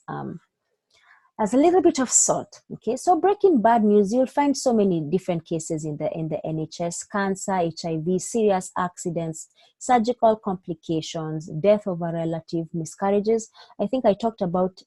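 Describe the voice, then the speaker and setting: A woman's voice: on the low side, warm tone, dry recording. A woman teaching an online exam-prep lesson for doctors, giving step-by-step advice and checking in with frequent "okay?". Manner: acts out doctor and patient lines in her own voice. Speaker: medical exam tutor.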